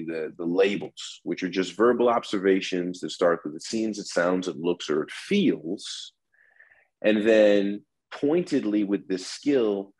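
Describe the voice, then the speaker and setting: A man's voice: sits low, darkish tone, slightly rough, low-quality recording. A man, a negotiation instructor, giving explanatory interview answers, acting out example phrases with shifting inflection.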